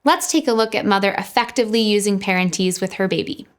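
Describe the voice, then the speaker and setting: A woman speech-language pathologist giving a scripted educational presentation in an upbeat, clear manner. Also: mid-range voice, fast.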